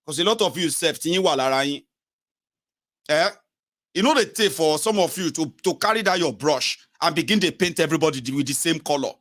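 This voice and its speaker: This Nigerian political commentator hosts his own channel's talk show, delivering an animated political monologue a little fast in a fairly bright voice. His Nigerian English mixes in Pidgin and Yoruba as he switches among all three. He mimics callers in high voices.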